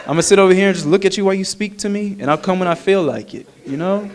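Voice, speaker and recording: A man's voice: high voice, fast talker. A male preacher voicing a sassy, aloof house cat that does as it pleases, talking back in a drawl.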